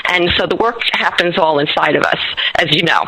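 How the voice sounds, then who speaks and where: A woman hosting an interview, telling a story in an animated way and laughing often. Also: on the low side, brisk, slightly rough, low-quality recording. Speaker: host.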